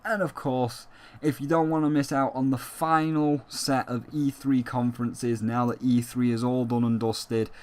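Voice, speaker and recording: A young man talks straight to his viewers in a casual gaming vlog. He sounds emphatic and heated, with his voice at a middling pitch, and he swears freely as he pushes his opinion. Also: darkish tone. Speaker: gaming YouTuber.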